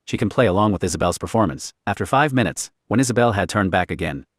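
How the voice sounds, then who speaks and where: A man reading a scripted story as narrator, in a deep, level reading voice. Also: animated, fast talker, no room sound, clean studio sound.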